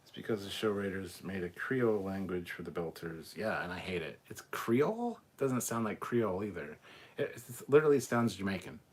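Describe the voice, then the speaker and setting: A man's voice: low-pitched, lively intonation, brisk, breathy edge. A man hosting a casual live stream, reading chat aloud and ranting bluntly with plenty of swearing.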